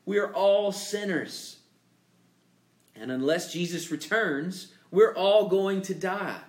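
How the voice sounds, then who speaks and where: Slow, emphatic preaching man in echoey room. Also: sits high. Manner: emphatic preaching with dramatic pauses and rising questions. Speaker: pastor. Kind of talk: sermon.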